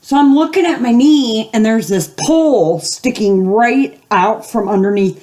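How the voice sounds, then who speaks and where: A woman's voice: fairly high pitch, unhurried, a little mellow. An older woman telling a long story casually at home, rambling with fillers and acting out the voices of the people she quotes. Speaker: gaming video host.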